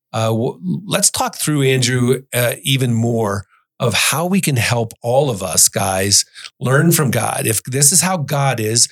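Male podcast host with a mid-range voice, earnest, reads scripture aloud. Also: mid-range voice. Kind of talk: Bible study discussion.

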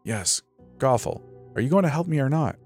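A man voicing a desperate young man dressed as a fairy-tale prince, pleading in a strained, halting way. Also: medium pitch, animated, darkish tone, slightly rough, soft background music, voice pushed up. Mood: weary, impatient.

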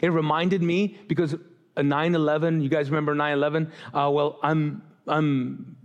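A man's voice: a little high, level tone, normal speed, lo-fi sound. A man preaching a sermon as pastor, talking directly to the congregation, often restarting his sentences and acting out the voices of people he quotes. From grew up Muslim. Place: church stage.

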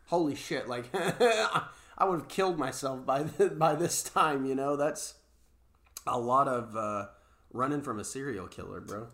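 A man's voice: medium pitch, measured pace, fairly bright tone. A young man co-hosting a podcast, talking loosely with slang and swearing. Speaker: podcast co-host. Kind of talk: casual chat.

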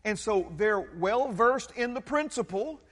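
A man's voice: sits high, animated, a little slow, a bit bright. A man preaching a sermon as pastor, emphatic and repetitive, often checking in with the congregation. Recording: long hall reverb.

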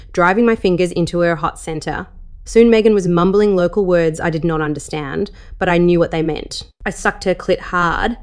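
A woman hosting and narrating a first-person erotic story in a steady, measured reading. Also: on the low side. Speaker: host and narrator.

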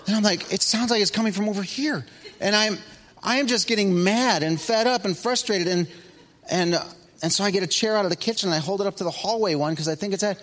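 A middle-aged man preaching a sermon, telling a story with big swings between loud excitement and hushed asides. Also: high-pitched, a little fast. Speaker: pastor.

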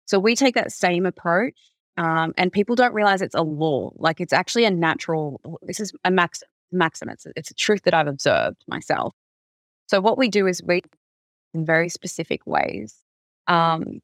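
A woman recruitment firm founder talking through stories in an animated, conversational way, with plenty of "like". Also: lowish voice, no echo, studio quality. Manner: animated storyteller, heavy use of "like". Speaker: recruitment company founder, guest. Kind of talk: conversational podcast interview.

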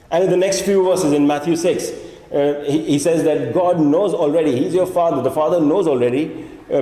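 Man preaching in an echoey hall. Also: a little high. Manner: animated, voices imagined speakers in asides. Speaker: pastor. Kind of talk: sermon.

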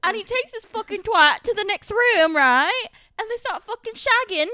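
A furious young reality-show girl in a put-on British accent , as a woman plays her, pitched high and sharp. She vents loudly and swears through every line. The sound is close and dry. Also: expressive, normal speed, no room sound, exaggerated voice. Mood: furious gossip. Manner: loud, swearing, dramatic venting.

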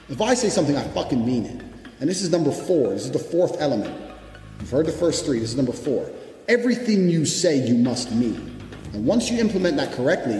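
A brash motivational speaker, this man swears hard and hammers every point with blunt, profane emphasis. His voice is a little high and a little mellow, and a long, echoey hall reverb surrounds him along with background music.

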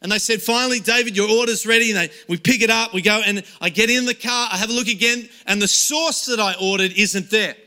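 A man's voice: sits high, brisk, hardly any pauses, sharp tone. A young adult man preaching a sermon to a small room and an online audience, telling stories casually with frequent restarts. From Australia. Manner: conversational storytelling with frequent restarts. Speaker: pastor. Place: room with few people.

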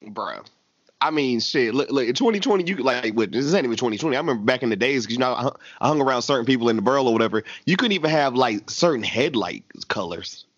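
Podcast co-host, male, 20s, animated and slangy, dry lo-fi recording. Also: mid-range voice, fast talker, no echo. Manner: animated, slangy, laughs often. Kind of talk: casual chat recapping a TV episode.

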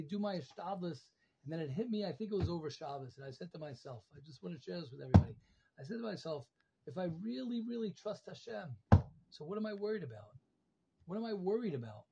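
A man teaching a Torah class to alumni over a video call, emphatic and repetitive, pleading as he rises in pitch and volume. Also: mellow, husky. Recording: dull lo-fi call audio.

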